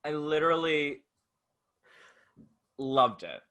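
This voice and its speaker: A man co-hosting a podcast in casual chat, gushing and animated, breaking into laughter. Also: fairly high pitch, takes it slowly. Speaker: podcast co-host.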